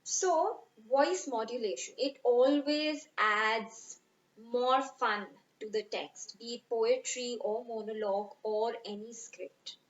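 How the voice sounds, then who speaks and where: A woman teaching poetry recitation, speaking slowly and expressively and stressing words for effect. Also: on the high side, reverberant, dull audio. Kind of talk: recitation lesson.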